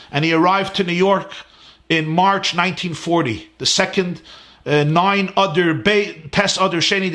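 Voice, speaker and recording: A man's voice: a little high, bright, forceful tone. A man, a rabbi, giving an earnest, emphatic sermon-style class from his home, building his points in rising lists.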